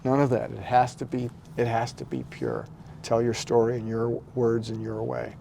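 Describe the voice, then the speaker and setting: A man's voice: mid-range voice, moderate pace, creaky, mellow, a little hiss or hum. A man hosting a podcast, talking emphatically and animatedly in casual chat. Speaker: podcast host.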